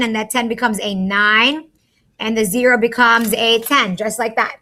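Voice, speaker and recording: Bright-voiced woman teacher talking through math. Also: a little high, steady tone, moderate pace. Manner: chatty, talks through each step aloud. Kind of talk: recorded math lesson.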